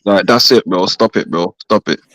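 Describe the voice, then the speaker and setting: A man's voice: low-pitched, normal speed, a bit bright, no echo. A man on an online panel, taunting and trash-talking in heavy slang. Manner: British slang, brash and taunting.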